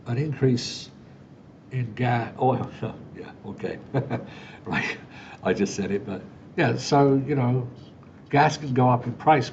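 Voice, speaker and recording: Male podcast host with a gravelly voice, chatty storyteller who acts out dialogue, middle-pitched, dull lo-fi sound. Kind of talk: solo podcast monologue. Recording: dull lo-fi sound with faint rumble.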